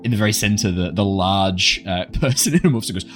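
A man's voice: deep voice, a little fast, faint music behind. A man narrating a tabletop game as game master, rambling with fillers and chuckles.

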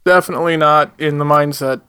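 A man's voice: on the high side, brisk, clear, resonant tone, dry recording. A man co-hosting a beer podcast and asking quiz questions, teasing the others while tipsy. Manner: teasing, animated. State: tipsy from drinking. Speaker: podcast co-host and quizmaster. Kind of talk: casual drunk banter.

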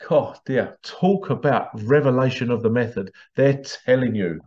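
A man hosting a show, giving a monologue with animated storytelling and rhetorical questions. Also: mid-range voice, moderate pace, highs cut off. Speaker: host. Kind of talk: monologue commentary.

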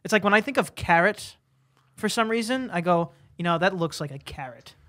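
A man's voice: high voice, lively intonation, a little fast, a bit bright. A man co-hosting a podcast, chatting and teasing the others in a playful, argumentative way. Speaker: podcast co-host. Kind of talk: casual chat.

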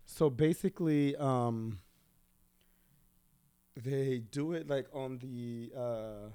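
A man's voice: mid-range voice, very slow, pauses often, dark tone, clean tone, no room sound. A young man telling a rambling, profane story in casual chat, with lots of "like" fillers.

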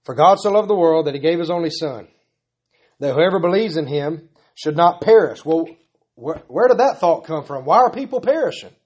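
A man's voice: a little high, lively intonation, moderate pace, a little mellow, dull audio. A man preaching a sermon, earnest and pleading, building his points through repetition. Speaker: pastor.

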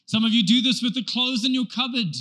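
A man preaching a sermon to a church, animated and emphatic, driving points home with repetition. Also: very high voice, brisk. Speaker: pastor.

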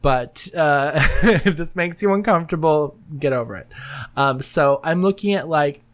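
A woman's voice: low voice, measured pace. A woman hosting her own podcast in casual solo chat, rambling candidly and often laughing mid-sentence. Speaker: podcast host.

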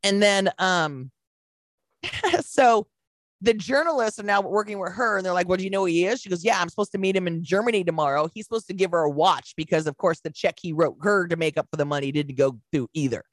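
Animated woman retelling a story. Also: lowish voice, a little fast, dry recording. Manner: animated storyteller acting out quotes, swears freely. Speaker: podcast co-host. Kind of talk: casual chat.

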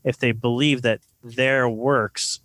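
A man's voice: mid-range voice, fairly even intonation, slow pace, fairly bright tone, dry recording. A man co-hosting a podcast, earnestly explaining scripture with math analogies in casual discussion. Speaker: podcast co-host.

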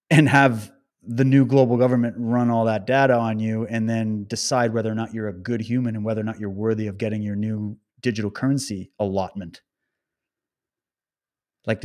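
A man delivering an agitated ranting monologue, firing off one rhetorical question after another at his listeners. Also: on the low side. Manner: rapid-fire rhetorical questions; emphatic, agitated.

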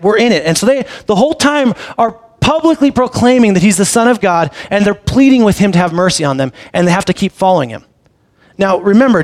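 A man preaching in a relaxed, conversational way, his voice sitting a little high for a man. He tells the story with animation and sometimes drops into a quiet, close tone. The sound is dry, with no room echo. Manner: drops to a soft, intimate low voice. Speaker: pastor. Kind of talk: sermon.

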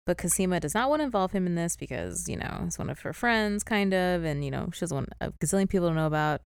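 A woman's voice: fairly low pitch, animated, fast talker, creaky, clean tone, no room sound, clean studio sound. A young woman co-hosting a podcast, chatting casually and giggling often as she recaps an episode. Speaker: podcast co-host.

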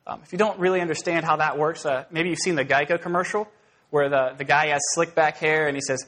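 A man preaching an expository sermon in a conversational, animated way, rising into emphatic bursts. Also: fairly high pitch, fast. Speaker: pastor.

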